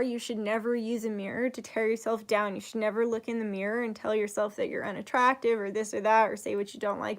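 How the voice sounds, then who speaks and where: A young woman chatting casually on her vlog, rambling with lots of "like", rising to loud, emotional bursts. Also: on the high side. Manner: rambling, says "like" a lot, gets loud and emotional while retelling. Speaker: spiritual vlogger. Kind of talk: casual chat.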